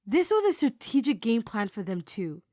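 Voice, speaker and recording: Higher-voiced woman narrating a story. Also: very animated, normal speed, mellow, dry recording, studio quality. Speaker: podcast host narrating. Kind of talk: scripted narration.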